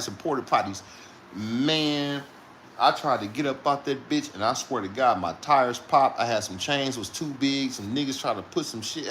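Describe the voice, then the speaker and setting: A man's voice: medium pitch, a bit bright, slight background noise. A man who drives trucks, telling a rambling story in casual talk, swearing often and laughing between lines.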